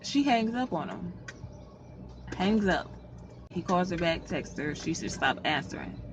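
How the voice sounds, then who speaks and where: A woman vlogger tells a story in a casual storytime vlog, blunt, profane and clearly fed up. Her fairly low voice is expressive and unhurried, and the recording is slightly muffled with faint background noise.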